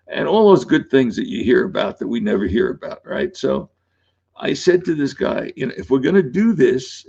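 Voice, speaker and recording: A man's voice: mid-range voice, gravelly, darkish tone, lo-fi sound. An older man, an author guest in a casual interview, telling rambling anecdotes and laughing often.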